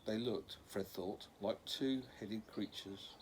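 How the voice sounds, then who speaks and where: Guy reading a kids' adventure book out loud, lowish voice, stumbles and fixes words, hissy recording with birdsong behind. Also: takes it slowly, rough recording. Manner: unpolished, with slips and corrections. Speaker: reader. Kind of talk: reading a children's novel aloud.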